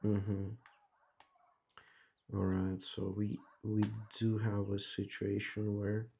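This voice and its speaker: A man streaming himself playing a handheld game live, musing aloud and excitedly calling out to a virtual puppy, swearing now and then. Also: lowish voice, slow, vocal fry, slight background noise. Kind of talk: live gameplay commentary.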